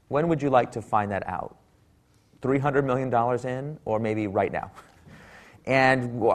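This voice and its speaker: A man speaking at a talk, telling a wry story and acting out the people he quotes. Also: medium pitch. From Silicon Valley, US.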